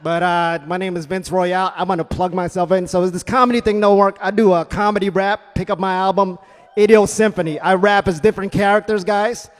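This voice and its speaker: A fairly high-pitched man working a comedy club crowd, with a punchy, animated delivery. He slips into silly voices for his bits. His voice rings with the long reverb of the venue. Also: fairly quick. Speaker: stand-up comedian. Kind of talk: stand-up set.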